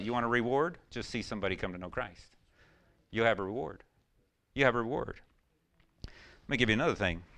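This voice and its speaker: Folksy preacher man, smooth resonant voice. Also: medium pitch, sharp tone. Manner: folksy storytelling with many fillers, bursting into whoops. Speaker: pastor. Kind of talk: sermon.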